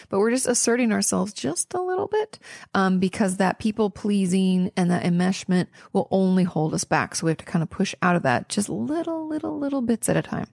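A young woman hosts a podcast, answering listener questions with casual advice in an earnest, reassuring way, though she sounds tired, yawns, and uses lots of ums and restarts. Her medium-pitched, darkish voice is animated and brisk with vocal fry, recorded in clean studio sound without echo.

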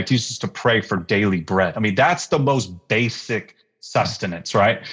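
A man in his thirties, a pastor, telling a personal faith story in a relaxed interview and acting out the lines he quotes. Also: medium pitch, husky. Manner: animated storyteller with fillers, acts out quoted lines. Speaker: pastor guest. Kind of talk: conversational storytelling in a podcast interview.

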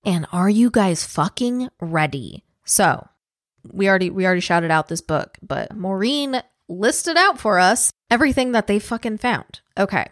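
A woman's voice: medium pitch, animated, normal speed, dry recording, clean studio sound. A woman co-hosting a podcast, telling a true-crime story in a casual, profane, chatty way and laughing easily. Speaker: podcast co-host.

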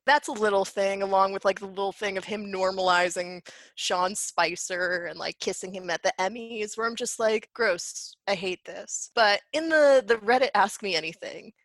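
A woman's voice: medium pitch, moderate pace, a bit bright, no room sound. A woman ranting in a casual commentary, swearing freely, laughing often and mocking quotes in put-on voices. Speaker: commentary host.

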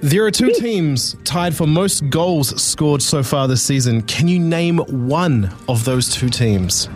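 A man's voice: a little high, animated, soft background music. Upbeat male sports radio host. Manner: brisk and upbeat, reads questions steadily. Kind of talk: radio quiz hosting.

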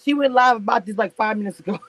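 A woman's voice: on the high side, a little hiss or hum, rough recording. A woman hosting a casual live stream about reality TV, sassy and laughing often as she answers her viewers in chat.

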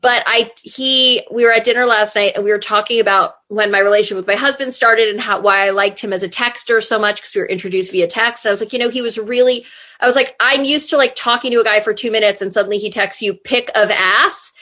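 A woman's voice: on the high side, fast, sharp tone. A woman hosting a casual chat, telling rambling stories through bursts of laughter. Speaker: podcast host. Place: home room, remote call.

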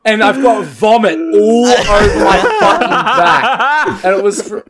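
A man's voice: high-pitched, a little slow, heavy background noise. A young man casually telling a rambling drinking story among friends, swearing often. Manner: swears a lot, rambling and animated. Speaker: podcast co-host telling a story.

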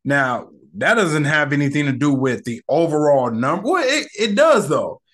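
A young man hosting his own podcast, chatting loosely and candidly in slang. His voice sits a little high for a man, and he rambles from one thought to the next as he talks into his mic. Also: very animated, moderate pace, a bit bright. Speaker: podcast host. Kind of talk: casual solo podcast chat.

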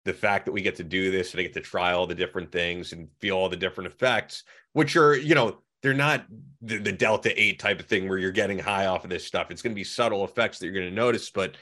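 A man's voice: sits low, quick pace, pushed and bright. A man hosting a podcast in casual chat, upbeat and promotional. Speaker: podcast host.

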